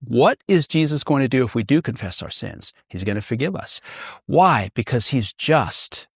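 A man's voice: medium pitch, very animated, moderate pace, gravelly, husky, dry recording, clean studio sound. A male pastor teaching a Bible study, earnest and emphatic, asking rhetorical questions.

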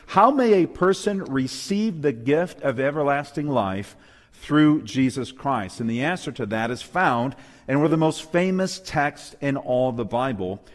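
A man's voice: mid-range voice, lively intonation, measured pace, in a large hall. A man preaching a sermon, emphatic and asking his listeners questions. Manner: emphatic, asks the audience questions. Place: church hall, live audience.

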